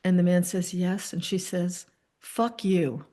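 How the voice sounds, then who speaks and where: A middle-aged woman hosting a casual video-call chat, telling a story with quick asides and soft fillers. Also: fairly low pitch, completely flat delivery. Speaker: host.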